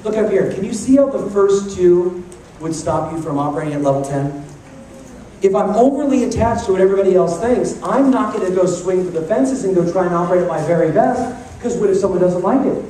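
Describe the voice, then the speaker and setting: A motivational speaker gives an energetic talk to a live audience in a large conference hall, joking and firing questions at the crowd. His voice is high and a little fast, captured from far off on an audience member's handheld camcorder, so the hall sounds echoey.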